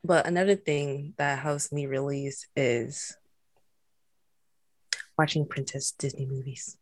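A woman's voice: very deep voice, fairly even intonation, slow pace, dry recording. A woman co-hosting a podcast, chatting in a giggly, enthusiastic way. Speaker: podcast co-host. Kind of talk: casual chat.

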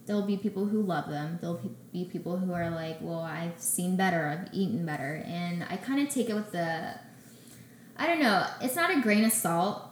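A young woman with a fairly low voice tells her story in a relaxed interview, slipping into lively quoted dialogue. The room is echoey, with a faint hum of ambience behind her. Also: normal speed. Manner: animated, acts out her own quotes. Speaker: guest, baker and business owner.

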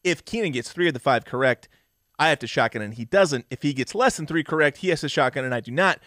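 A male podcast co-host with a slightly higher voice, talking in loose, crude, joking banter. The sound is close and dry, with no room around it. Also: animated, fast talker, a bit bright, dry recording. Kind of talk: casual podcast chat.

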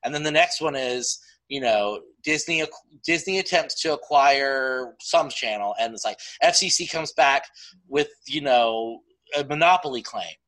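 A man with a bright, forceful voice, chatting casually as a podcast co-host. He tells his stories in an animated way. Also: medium pitch, unhurried, low-quality recording. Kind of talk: casual chat.

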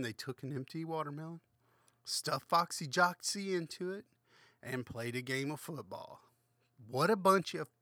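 A man's voice: mid-range voice, bright, forceful tone, no room sound, clean studio sound. A slightly drunk man hosting a comedic read-aloud of a children's book, rambling through crude, swearing asides. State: a little drunk. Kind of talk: comedic book reading with commentary.

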